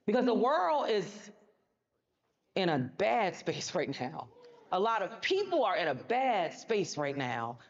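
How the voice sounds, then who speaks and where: A woman's voice: mid-range voice, huge pitch swings, takes it slowly, lo-fi sound. A woman giving a motivational speech on a conference stage, emphatic and colloquial, talking straight to the audience. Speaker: motivational speaker.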